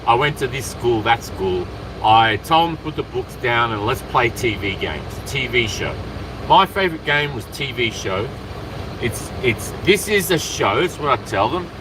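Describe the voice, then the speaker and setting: Casting: animated Australian guy, rambling vlog chat, street noise and traffic behind. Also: medium pitch, moderate pace. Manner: excitable, animated, jumps between topics. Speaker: vlogger. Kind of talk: rambling outdoor chat to camera.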